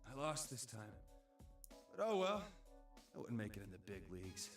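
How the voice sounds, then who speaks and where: An actor playing a proud, rough young fighter who talks loudly and bluntly. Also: male voice, mid-range voice, very animated, moderate pace, faint music behind. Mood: gruff. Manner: loud, gruff, blunt slangy talk. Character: rough, tough young male brawler, proud. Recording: distant, roomy game audio.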